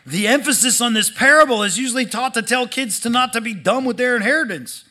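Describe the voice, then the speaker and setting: Male pastor, high bright voice, lively sermon delivery with acted-out quotes. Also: quick pace. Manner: animated, acts out quoted voices, swings from loud to hushed.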